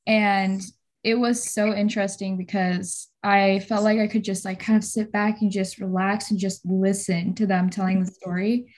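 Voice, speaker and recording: A woman's voice: medium pitch, flat delivery, moderate pace, darkish tone. A woman, the podcast interviewer, responding with enthusiasm and reflecting in a casual conversation.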